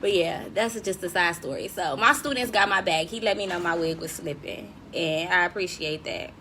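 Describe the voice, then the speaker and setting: Young woman host, casual livestream chat, slangy and animated, faint background hiss. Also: lowish voice, normal speed. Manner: lively, slangy, laughs often, addresses viewers directly. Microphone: desk mic.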